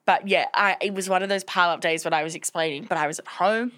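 A woman's voice: on the low side, fast, fairly bright tone. A woman co-hosting a podcast, chatting casually and laughing as she tells her story. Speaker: podcast co-host. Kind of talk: casual chat.

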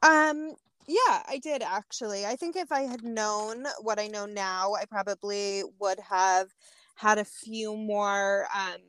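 A woman in her thirties from Boston, chatting as a podcast guest, laughing often and pausing with hesitations. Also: medium pitch, steady tone, a bit bright, smooth, no room sound. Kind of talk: casual interview chat.

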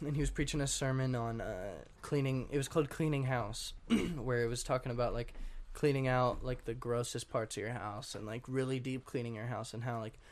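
A young man, a guest on an interview show, telling his story in a rambling, casual way, full of fillers and frequent throat clearing. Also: medium pitch, fairly quick, hardly any pauses. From Washington state. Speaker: guest artist.

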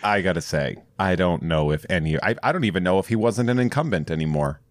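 Teasing comedian guy, lively voice. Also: low voice, fast talker. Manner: jokey, teasing. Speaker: comedian guest. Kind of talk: casual comedic podcast banter.

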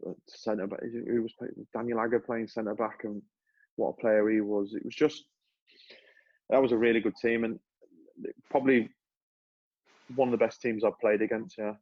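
A man's voice: lowish voice, moderate pace, pauses often, no room sound, highs cut off. A man, a former footballer, talking casually as a podcast guest, telling stories with many restarts. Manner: relaxed storytelling with many restarts.

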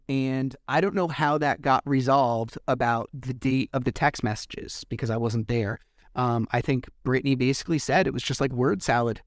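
A man's voice: mid-range voice, no room sound, clean studio sound. A man hosting a podcast, retelling events casually and animatedly, acting out quoted exchanges and swearing at times. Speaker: podcast host. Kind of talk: casual monologue recap.

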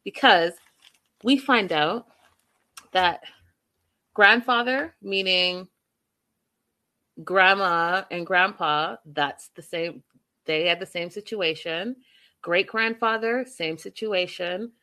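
A woman's voice: fairly low pitch, slow pace, pauses often, pushed and bright. A woman giving casual, passionate commentary on a reality show, full of emphatic rhetorical questions.

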